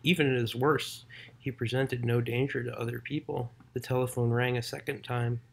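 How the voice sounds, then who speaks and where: A man reading a literary short story aloud in a measured, unhurried way, now and then correcting himself mid-sentence. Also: mid-range voice, level tone, gravelly, slightly rough. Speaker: narrator.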